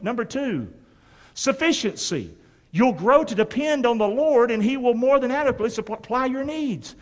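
A man's voice: very high-pitched, long reverb tail. A man preaching a sermon as pastor, emphatic and drawing the congregation to respond. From North Carolina.

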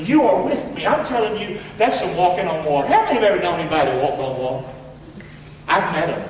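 A man preaching a sermon in a folksy, preacherly way that rises to shouts, recorded from far off in an echoey hall. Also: on the high side, a little hiss or hum. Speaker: pastor.

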